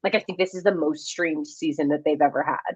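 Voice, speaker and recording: A woman's voice: deep voice, fairly even intonation, fairly quick, slightly rough. A woman co-hosting a live fan podcast, joking wryly in casual chat. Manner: wry, joking. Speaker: podcast co-host. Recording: dull lo-fi audio.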